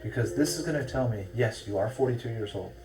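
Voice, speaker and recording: A man working as a fertility doctor, explaining things briskly to a patient and checking that she follows. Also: mid-range voice, far from the mic, noisy background. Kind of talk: consultation with a patient.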